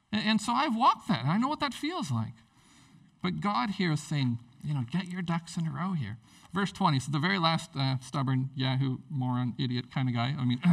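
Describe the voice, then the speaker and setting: Male pastor with a lightly raised pitch, joking sermon delivery, recorded from some distance. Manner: animated, jokey, acts out characters in quotes.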